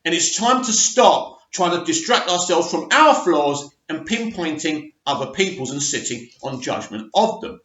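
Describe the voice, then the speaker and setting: A man in his forties talks through an article with chatty asides, tripping over words and starting again. His voice sits a little high and swings up and down lively. It's heard in a roomy space on a dull, muffled recording. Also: moderate pace, few pauses. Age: 40s. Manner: chatty asides, stumbles and restarts while reading. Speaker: movie news vlogger. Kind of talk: reading and commenting on an article.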